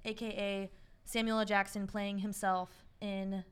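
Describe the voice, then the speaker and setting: Smooth-voiced young woman hosting a podcast. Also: mid-range voice, little pitch movement, unhurried, a bit bright. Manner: chatty, laughs often, swears casually. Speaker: podcast host. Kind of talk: casual chat.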